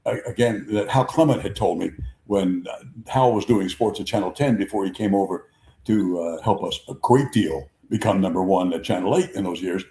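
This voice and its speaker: A man in his seventies hosting a sports talk show, telling rambling stories with lots of repeats and lively impressions. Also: low-pitched, moderate pace. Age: 70s. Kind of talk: conversational storytelling. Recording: echoey room.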